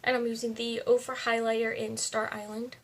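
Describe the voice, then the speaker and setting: A woman's voice: fairly high pitch, flat delivery, brisk, a little hiss or hum. A woman talking casually through a makeup tutorial at home, chatting to herself as she works. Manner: chatty, talks to herself while applying makeup. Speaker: beauty vlogger. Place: home, indoors.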